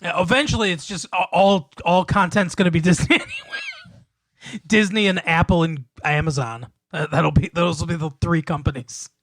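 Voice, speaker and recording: A man co-hosting a casual podcast, chatting about a movie with wry humor, often laughing and trailing off quietly. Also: a little high, moderate pace, no room sound. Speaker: podcast co-host. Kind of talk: casual chat reviewing a movie.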